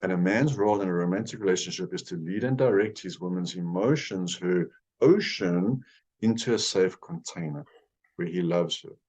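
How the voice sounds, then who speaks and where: A man speaking as a guest, explaining relationships with animated examples. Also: deep voice, normal speed, slightly rough. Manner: animated, acts out dialogue. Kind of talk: teaching conversation.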